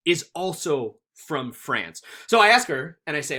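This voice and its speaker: A man's voice: on the high side, normal speed. A male teacher giving a recorded history lesson, telling stories animatedly and acting out quotes. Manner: animated storytelling with acted-out quotes.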